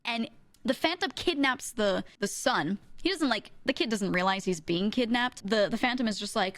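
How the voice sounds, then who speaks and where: A woman streamer in casual chat, animated and giggly, often breaking into exclamations and laughter. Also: a little high, moderate pace, dry recording.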